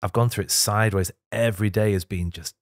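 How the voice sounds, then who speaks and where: A man's voice: fairly low pitch, steady tone, a little fast, no room sound, clean studio sound. Candid, emotional middle-aged man. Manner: candid, laughs often, tearful at times. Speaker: podcast guest. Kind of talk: emotional casual chat. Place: podcast studio. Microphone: studio microphone.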